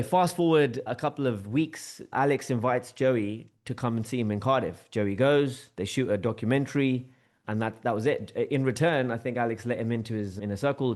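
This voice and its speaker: A man speaks as a guest on an interview podcast. He recounts a story in a casual, animated way and shifts his tone to act out what others said. His voice sits at an ordinary middle pitch for a man. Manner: lively, acts out quoted dialogue with shifting tone. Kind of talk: storytelling anecdote in conversation.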